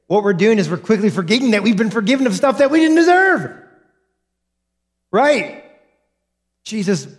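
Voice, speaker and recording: A man preaching a sermon as a pastor, earnest and direct, repeating key points to his congregation. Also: high voice.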